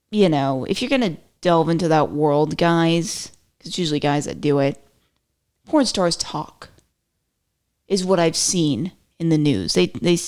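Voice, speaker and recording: A woman hosts her own podcast in a loose, rambling commentary, full of "like"s and self-corrections. Her voice sits a little low for a woman. She jumps between playful asides and mock-indignant quotes. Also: a little mellow. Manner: chatty, rambling, self-interrupting with lots of "like". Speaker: podcast host. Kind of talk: casual solo commentary.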